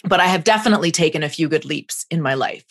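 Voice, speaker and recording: A woman's voice: low voice, fast. A woman in her forties, a guest speaker, telling stories in an interview and acting out the voices she quotes. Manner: animated, acts out quotes. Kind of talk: conversational interview storytelling.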